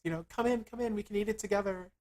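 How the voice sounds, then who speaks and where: A young college girlfriend, fickle and dramatic, put on by a man in a high falsetto. The voice sits far above his normal pitch, with a thin, altered timbre. It swings from gushing sweetness to shrill yelling. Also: rapid-fire, natural voice.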